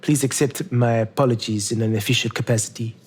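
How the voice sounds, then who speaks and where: A formal, courteous woman guard captain, as a man puts her on at a tabletop game. She speaks stiffly and politely in a slightly husky voice. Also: mid-range voice, fairly even intonation, fast talker, close to an everyday voice. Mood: apologetic.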